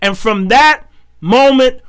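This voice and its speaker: This talk show host, a man with a high, bright, ringing voice, tells stories in a preaching style, voicing every character in the dialogue. He bursts out laughing and moves between soft asides and loud punch lines, taking his time with a smooth delivery.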